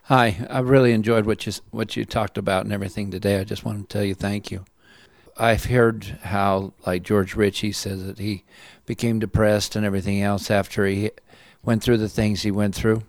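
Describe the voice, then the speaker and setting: A man's voice: fairly low pitch, little pitch movement, normal speed, gravelly, no room sound, clean studio sound. A man in the audience thanking the speaker and sharing a story, sincere and rambling, with restarts. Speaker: audience member.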